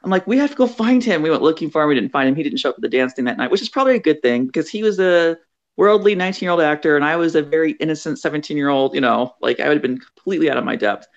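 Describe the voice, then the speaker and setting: Gravelly woman telling a story over a call. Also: low voice, very fast, muffled recording. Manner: acts out quoted voices, chatty. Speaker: author guest. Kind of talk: animated storytelling in an interview.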